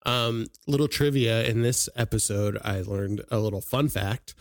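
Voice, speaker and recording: A man with a somewhat low voice co-hosts a casual chat. He shares little fun facts and laughs often between lines. The sound is dry and close. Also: normal speed, dry recording. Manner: chatty, shares trivia with frequent laughs. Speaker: podcast co-host.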